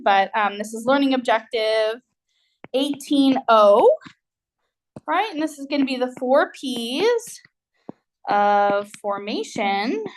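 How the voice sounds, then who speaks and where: A woman giving a university chemistry lecture, explaining in a conversational way with many fillers and "right?" checks. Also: a little high.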